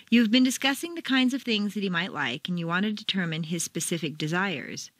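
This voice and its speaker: A woman reading a scripted pronunciation lesson, clear and deliberate as she demonstrates where the stress falls. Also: mid-range voice, sing-song, fairly bright tone, no echo. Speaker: accent coach. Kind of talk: scripted instructional narration.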